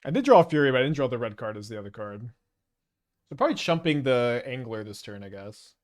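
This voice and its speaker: A man's voice: medium pitch, animated, fast talker. A man with a Canadian accent giving casual, rambling game commentary, thinking aloud with hesitant restarts. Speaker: gameplay commentator.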